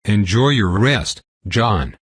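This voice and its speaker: A man voicing a courteous hotel keymaster in his plain husky reading voice. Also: fairly low pitch, animated, slow, no echo, studio quality, heavily acted. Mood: polite. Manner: polite, courteous.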